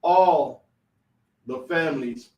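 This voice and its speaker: A man in a class reading scripture aloud, slow and hesitant. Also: fairly high pitch, darkish tone, lo-fi sound. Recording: roomy and distant from the mic.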